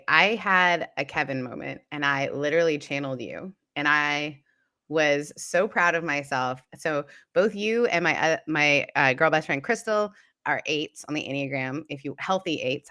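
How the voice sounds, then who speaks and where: A woman from Canada telling a personal story in casual chat on a live stream, candid and animated, acting out the people she quotes. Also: sits low, moderate pace, no echo, studio quality. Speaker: co-host.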